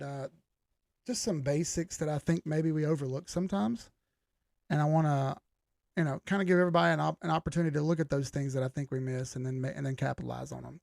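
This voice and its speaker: A middle-aged man hosts a live stream in a loose, easygoing way, calling out viewers by name. His voice is gravelly and sits a little high. The sound is very dry and close. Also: darkish tone, no room sound. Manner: laid-back, greets viewers by name, swears casually. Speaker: livestream host. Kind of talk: casual live-stream chat.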